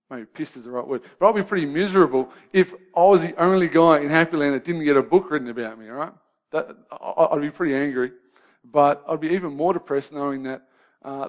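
A man, preaching a sermon in a conversational way and often checking in with his listeners. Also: fairly high pitch. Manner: shifts from lively banter to soft, grave questions.

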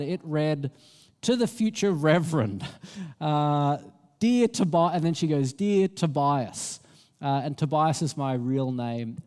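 A man's voice: on the high side, a little mellow. A man, preaching a sermon with self-deprecating stories. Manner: storytelling, self-deprecating and earnest. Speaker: pastor. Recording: long reverb of a hall.

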